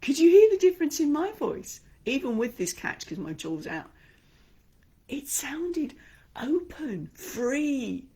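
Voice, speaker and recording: Gravelly, lively Australian woman coach. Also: high-pitched, takes it slowly. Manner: expressive, demonstrates by acting out inner voices. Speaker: speaking coach. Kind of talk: online speaking lesson.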